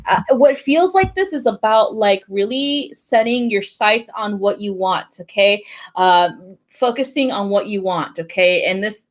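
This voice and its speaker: Young woman, casual tarot host, rambling and giggly, mid-pitched, drops the odd swear word. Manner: chatty, laughs often, swears casually. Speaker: tarot reader hosting a live stream. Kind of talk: casual live-stream chat and tarot reading.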